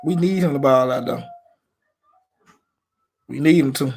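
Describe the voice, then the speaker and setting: A man's voice: medium pitch, measured pace, creaky, darkish tone, breathy edge. A man from Memphis with a Southern accent, hosting a casual live stream about football in a laid-back, slangy way. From Memphis, Tennessee.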